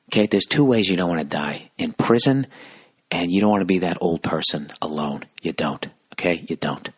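A man ranting through a comic story on his podcast, swearing constantly and sounding exasperated. His voice sits low with a husky edge. The close, dry recording has no room sound. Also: a little fast, no room sound. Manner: profane, animated, exasperated. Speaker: podcast host, comedian.

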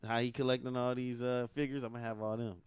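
A man's voice: mid-range voice, level tone, fast, smooth, no room sound. A man co-hosting a casual podcast, joking in slangy banter and laughing a lot. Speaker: podcast co-host. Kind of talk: casual chat. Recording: noisy podcast recording.

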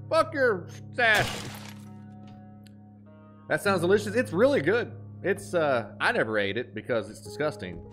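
Lively twangy man streaming a game. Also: fairly high pitch, a little slow, long pauses, music in the background. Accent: Appalachian. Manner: chatty, reads chat aloud, laughs easily. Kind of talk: casual live-stream gameplay chat.

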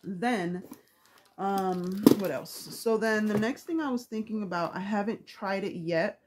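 A woman's voice: medium pitch, measured pace, darkish tone, a little hiss or hum. A woman vlogger chatting casually about craft supplies, rambling with lots of fillers, with the hiccups.

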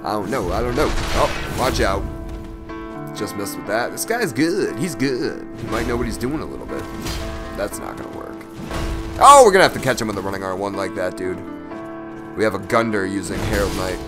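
A man talks over his gameplay in a lively, swooping voice that leaps from low mutters to sudden yelps. He curses freely and reacts to every hit. Game music plays underneath him. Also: moderate pace. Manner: excitable and profane, jumps from loud yelps to low mutters. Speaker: gameplay commentator. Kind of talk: live gameplay commentary.

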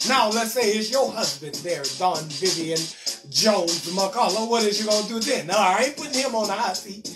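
A man's voice: sits high, animated, normal speed, recorded from a distance, music in the background. A male comedian hosting a live stream, reading out viewer comments and answering them in a loose, joking way. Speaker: comedian and show host.

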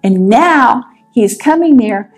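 A woman teaching a Bible story in a casual, lively way, acting out the characters as she goes. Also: a little high, slow pace, soft background music.

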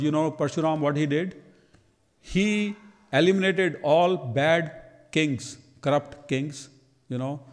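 A man, telling a devotional story as a temple speaker and acting out the quoted lines with lively energy. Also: mid-range voice, in a large hall. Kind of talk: storytelling sermon. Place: temple hall.

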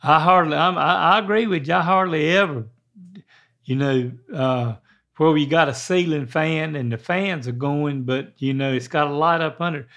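Older man, high-pitched, folksy and rambling, casual advice chat. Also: moderate pace, fairly bright tone. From American South. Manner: folksy, rambling, clears throat often. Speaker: guest father giving advice.

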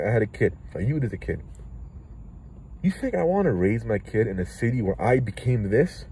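A young man in his twenties with a Toronto accent rants straight to camera, his voice dark and mellow in tone. He is profane and heated and leaps between thoughts. Faint vehicle noise hums behind him. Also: fairly low pitch, rough recording. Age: 20s. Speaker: rapper. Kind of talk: impassioned vlog rant.

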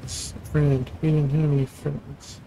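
A man's voice: a little high, little pitch movement, a little slow, gravelly, mellow, a little hiss or hum, low-quality recording. A man hosting a gaming channel, reading a text adventure aloud and breaking off for casual asides about the game. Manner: reads game text, then chats in asides.

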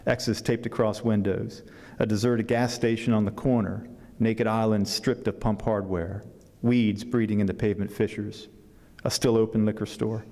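A man reading aloud from his novel at a public event, pausing with fillers when he talks freely and then reading steadily. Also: on the low side, dark tone, long reverb tail. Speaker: author at a book fair reading. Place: event hall.

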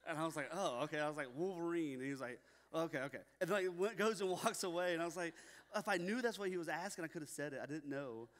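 A man's voice: on the high side, animated, fast talker, fairly bright tone. A young man preaching a sermon at a church, telling stories casually with many fillers. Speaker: pastor. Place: church sanctuary. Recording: long reverb in a hall.

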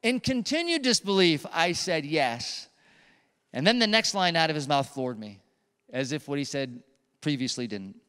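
A man preaching a sermon as a pastor, telling a personal story in an animated way with emphatic repetitions. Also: a little high, normal speed, smooth. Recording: long hall reverb.

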